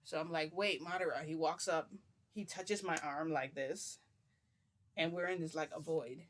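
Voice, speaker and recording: Man, casual storytelling, rambling, fillers, slightly high pitch. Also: steady tone, a little slow, a little hiss or hum. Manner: rambling with fillers, acts out voices.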